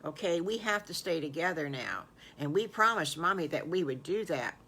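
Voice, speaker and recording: A woman's voice: lowish voice, expressive, normal speed, pushed and bright, breathy edge, full character voice. An older woman voicing an eager little boy piglet who earnestly bosses his brothers about staying together.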